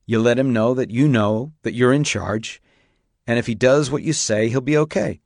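In a dry, studio-quality recording, a man with a medium-pitched, slightly mellow voice close to everyday speech plays a weathered older horseman, stern but caring. At a moderate pace he barks commands at a rider, then patiently and firmly talks him through it in plain terms.

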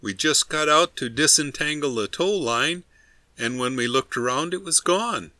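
A man plays a bewildered boatman in a storybook reading, indignant and hurt. The voice climbs well above his usual pitch and sounds bright. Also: lively intonation, moderate pace, no room sound. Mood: aggrieved. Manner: indignant, aggrieved. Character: stranded boatmen, aggrieved and bewildered.

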